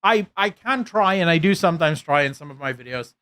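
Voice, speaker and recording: A bright, clear, resonant male voice on the high side comes through a dry recording, expressive and a little fast. He's a South African streamer with an American-leaning lilt, reading chat and rambling self-deprecatingly, full of fillers and restarts.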